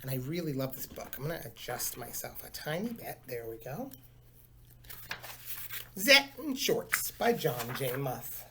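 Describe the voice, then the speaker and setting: A male teacher chatting to his class and reading a picture book aloud, animated and chatty. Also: mid-range voice, unhurried, gravelly, background noise.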